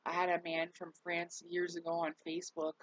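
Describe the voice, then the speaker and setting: A woman's voice: lowish voice, completely flat delivery, fairly quick, no echo, poor audio. A worn-out woman talking candidly to her viewers in a rambling, casual vlog, cursing now and then. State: worn out, recovering. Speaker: vlogger.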